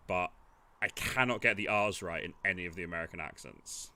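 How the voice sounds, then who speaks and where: Guy, lowish voice, bright and forward, wry game chatter. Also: brisk. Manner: wry, self-deprecating, laughs often. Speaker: game player. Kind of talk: casual chat while playing a game.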